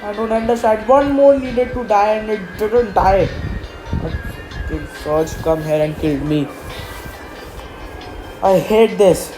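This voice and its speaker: Woman gamer moaning thru her match, slow talker, game music loud behind. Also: mid-range voice, poor audio. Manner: frustrated, complaining, pleading. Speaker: gaming commentator. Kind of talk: live gameplay commentary.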